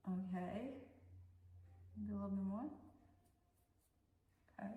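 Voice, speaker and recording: A young woman chats casually while grooming her cat, switching between English and Russian as she fusses over him. Her voice sits at an ordinary middle pitch. She is heard from off-mic in an echoey room with a long tail of reverb. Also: unhurried, pauses often, recorded from a distance, a little hiss or hum. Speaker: vlogger.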